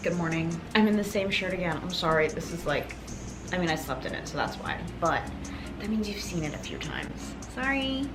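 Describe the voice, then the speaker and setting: A woman's voice: on the low side, lively intonation, moderate pace, music in the background, poor audio. A young woman vlogging casually about her reading, chatty and rambling with lots of fillers, at home. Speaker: book vlogger. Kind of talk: casual vlog chat.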